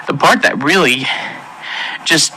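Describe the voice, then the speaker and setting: A man giving an emotional personal testimony in an earnest, halting way, with many pauses and restarts. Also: a little high, sharp tone, a little hiss or hum, rough recording. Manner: intense, pleading delivery. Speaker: testimony speaker.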